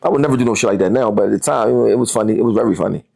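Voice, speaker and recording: A man's voice: fairly low pitch, very fast, creaky, dark tone. A man, a guest on a podcast interview, talking heatedly and profanely and repeating words as he gets worked up.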